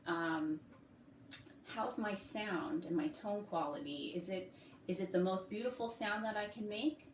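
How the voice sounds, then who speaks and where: A woman who teaches music, giving step-by-step practice advice in a relaxed, friendly way with frequent ums and okays. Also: medium pitch, measured pace, roomy sound, slight background noise. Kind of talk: casual instructional talk.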